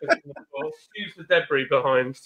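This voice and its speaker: A man's voice: a little high, very animated, slow, vocal fry, narrow, tinny audio. A man joking and teasing on a casual group video call. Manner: jokey, teasing banter.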